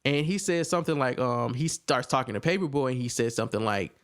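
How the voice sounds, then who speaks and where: A man's voice: medium pitch, fast, clear, resonant tone. Laid-back man recapping a TV episode. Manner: animated retelling, acts out characters' lines in a raised voice. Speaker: podcast co-host reviewing a TV episode. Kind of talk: casual chat, recapping scenes.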